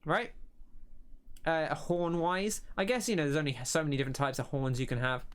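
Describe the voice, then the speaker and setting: A let's play host, a young man with a slightly high, smooth voice, talks briskly while playing a game. He muses aloud casually and rambles, cutting himself off as he works through what's on screen.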